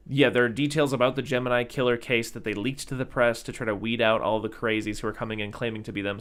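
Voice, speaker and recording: A man's voice: mid-range voice, a bit bright. A man hosting a podcast, chatting casually and rambling about movies with lots of fillers and restarts. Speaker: podcast host.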